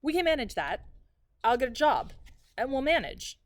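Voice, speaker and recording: A woman's voice: sits high, sing-song, normal speed, voice pushed up. Woman reading as a grieving, apologetic mother. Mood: insistent. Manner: soft, apologetic, repeating herself. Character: grieving, defeated middle-aged mother.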